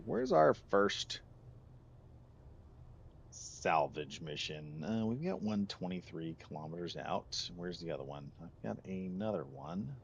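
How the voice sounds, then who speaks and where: A man's voice: on the low side, gravelly. A man streaming a game, chatting casually and rambling off on tangents with frequent laughs. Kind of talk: casual live gameplay commentary.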